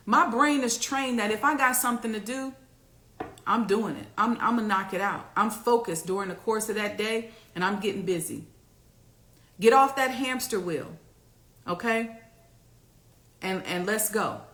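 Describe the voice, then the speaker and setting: A woman hosting a casual talk to camera, preaching and rallying her viewers with loud, repeated exhortations. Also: medium pitch, animated, moderate pace, pauses often, reverberant. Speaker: host.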